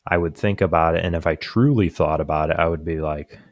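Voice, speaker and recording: A man's voice: sits low, fairly even intonation, a little fast, dry recording. A young man on a podcast, telling rambling stories with lots of fillers and restarts, often laughing at his own punchlines. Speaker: podcast co-host. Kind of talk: casual chat.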